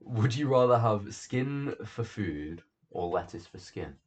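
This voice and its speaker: A man co-hosting a casual podcast chat, talking in a deadpan, offhand way. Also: on the low side, slow. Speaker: podcast co-host. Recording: dull lo-fi sound.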